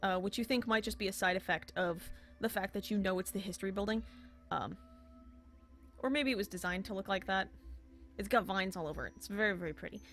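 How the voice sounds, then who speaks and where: A woman narrating a tabletop game as game master, halting with fillers and restarts. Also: mid-range voice, a bit bright.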